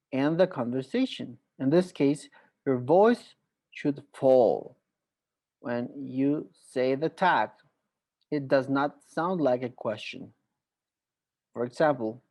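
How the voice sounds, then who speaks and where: A man teaching an online English grammar lesson, explaining slowly and carefully and saying example sentences aloud. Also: fairly high pitch, dark tone. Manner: slow, deliberate explaining with spoken examples.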